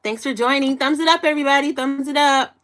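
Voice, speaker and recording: A high-pitched, fairly bright voice comes from this Chicago livestream host in her 20s, who talks fast. She's chatty and giggly, reading comments from viewers in a casual stream.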